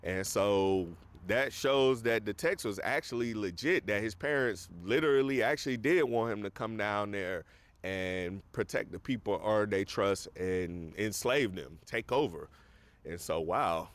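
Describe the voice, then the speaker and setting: Low smooth guy rambling through a movie review, lots of uhs. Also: unhurried. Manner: rambling retelling with many fillers. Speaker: film review host. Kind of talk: casual film review.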